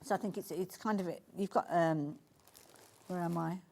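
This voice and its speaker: A woman's voice: fairly low pitch, fairly even intonation, moderate pace, gravelly, dark tone. A woman with a Birmingham accent presenting sewing products on a live shopping channel, chatty and enthusiastic with lots of asides. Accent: Birmingham (Brummie). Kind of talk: live TV sales demonstration.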